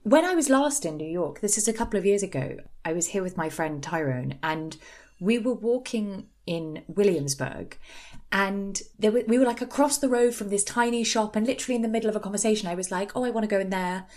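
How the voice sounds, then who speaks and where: A woman's voice: mid-range voice, fairly quick. Chatty British woman telling stories. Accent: British English. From Britain. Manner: chatty storyteller, lively and animated. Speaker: podcast co-host. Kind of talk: casual chat.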